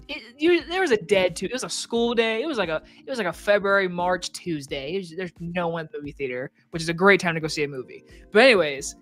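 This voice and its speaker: Casual storyteller, medium pitch, salty language, faint music bed. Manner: animated storyteller, swears freely, acts out quotes.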